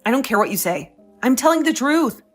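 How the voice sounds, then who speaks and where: A woman's voice: sits high, big pitch swings, brisk, faint music behind. A woman voicing a young wife who stands her ground, talking in an indignant, sarcastic way. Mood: indignant, defiant. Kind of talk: dramatized story dialogue.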